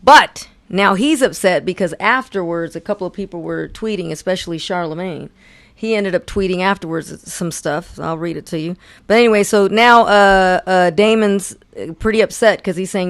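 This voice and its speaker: A woman's voice: lowish voice, moderate pace, no echo. Woman cohost telling news stories, lots of uhs, dry close sound. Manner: chatty, hesitant with fillers. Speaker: co-host. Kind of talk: reading news stories on a talk show.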